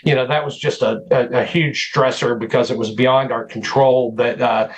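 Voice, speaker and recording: A man speaking as a guest on a radio show, talking in a relaxed, reflective way. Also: mid-range voice, moderate pace, poor audio. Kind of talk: casual interview chat.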